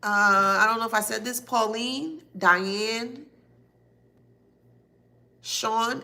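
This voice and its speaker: A woman with a fairly high, creaky voice that sounds pushed and bright speaks extremely slowly and pauses often. She is giving a psychic reading to camera, listing names and places she says she hears and spelling some out letter by letter.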